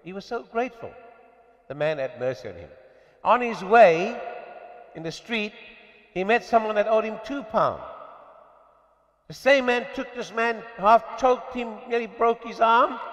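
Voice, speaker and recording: A male preacher delivers a sermon, his voice sitting a little high and surging into emphatic peaks before dropping low. The recording is muffled and carries the long reverb of a church hall. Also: expressive, unhurried, long pauses. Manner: rising and falling with emphatic bursts.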